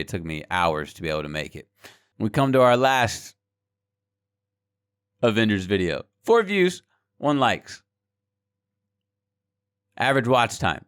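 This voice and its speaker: A small gaming YouTuber and streamer rants candidly to camera in a vlog, speaking frankly and heatedly to his viewers. His voice is lowish, smooth, and fairly bright. He swears freely and repeats words as he gets worked up.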